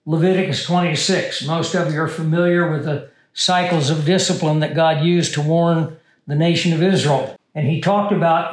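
A man's voice: fairly high pitch, steady tone, moderate pace, echoey room, poor audio. A man preaching a teaching sermon, stressing key words and putting questions to the congregation. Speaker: pastor.

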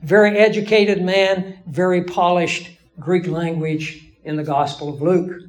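A man lecturing a Bible class in a measured, explanatory way, with emphatic pauses. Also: sits high, steady tone, low-quality recording. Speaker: Bible teacher.

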